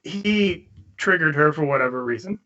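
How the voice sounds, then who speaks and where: A man co-hosting a casual podcast, giving his opinions in a halting way with frequent restarts. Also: on the high side, lively intonation, bright, forceful tone, highs cut off. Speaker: podcast co-host.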